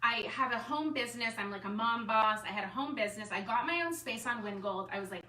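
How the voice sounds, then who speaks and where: A woman who is an artist and designer, telling a personal story to a group in a chatty, animated way with lots of "like". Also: on the high side, fast, few pauses. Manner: chatty, animated storytelling full of "like" and self-quotes. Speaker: artist and designer speaking at a gathering. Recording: echoey room, mic far off, faint room noise.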